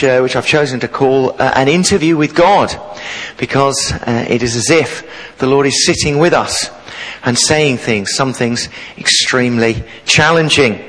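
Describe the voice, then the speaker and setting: A man preaching a sermon as the new vicar, telling lively stories from his teaching days to the congregation. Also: mid-range voice, in a large hall, low-quality recording. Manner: jovial, animated storyteller. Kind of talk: sermon with storytelling. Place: church.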